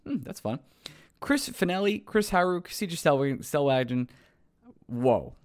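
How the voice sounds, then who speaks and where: A man's voice: a little high, big pitch swings, measured pace. A tired man, hosting a podcast outro, rambling and poking fun at himself as he trips over names. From New York. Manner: rambling, self-mocking, stumbling over names. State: tired late at night. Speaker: podcast host.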